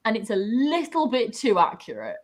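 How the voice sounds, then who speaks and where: A woman's voice: a little high, wildly swooping pitch. Gushing British woman, casual chat. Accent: British English. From Britain. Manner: gushing, swears casually, fast asides. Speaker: book YouTuber host.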